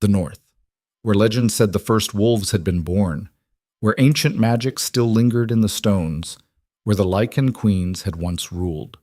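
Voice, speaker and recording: A man narrating a fantasy audiobook in a steady, measured storytelling manner. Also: lowish voice, dry recording, studio quality.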